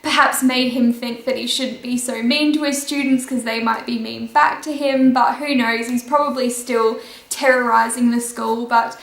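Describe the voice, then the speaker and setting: A woman vlogger chatting through a storytime in a lively, animated way, with a laugh now and then. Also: a little high, normal speed, echoey room. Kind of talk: casual storytime.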